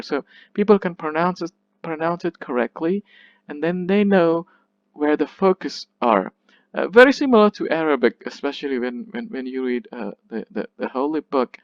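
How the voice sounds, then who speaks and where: A man's voice: medium pitch, no room sound, dull audio. A man teaching a literature class, explaining patiently, often checking in with his listeners and correcting himself as he goes. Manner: hesitant, with restarts and self-corrections. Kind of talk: recorded lecture.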